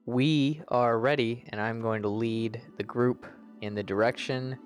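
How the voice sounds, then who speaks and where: A man's voice: mid-range voice, fairly even intonation, a little slow, faint music behind. A man playing a tabletop game, talking casually and joking with the group. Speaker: player.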